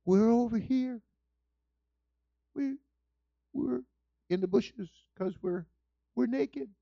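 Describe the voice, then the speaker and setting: Small timid voice, sheepish, high, as a man puts it on, dull dry recording. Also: slow pace, vocal fry, dark tone, dry recording, exaggerated voice. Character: timid hiding first couple, small voice.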